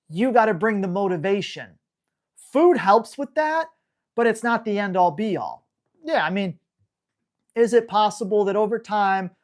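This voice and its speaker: A woman dog trainer answering viewer questions in a live Q&A, in an energetic, emphatic, casual coaching manner. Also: mid-range voice.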